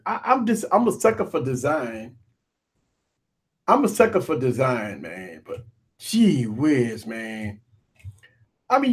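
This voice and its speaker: A man hosting a live tech stream, joking and ranting in an animated, repetitive way. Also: mid-range voice, husky. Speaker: tech show host.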